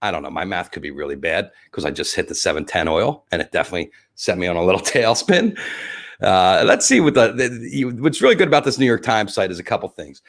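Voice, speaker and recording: Animated rambling male stream host. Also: low-pitched, fast talker. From New Jersey. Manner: rambling, profane, jokey, thinks aloud over numbers. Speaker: livestream host. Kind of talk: casual election commentary.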